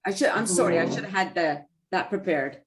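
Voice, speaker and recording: A woman hosting an interview over a video call, chatty and quick to apologize, with self-deprecating asides. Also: fairly low pitch. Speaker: interview host. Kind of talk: casual conversational interview.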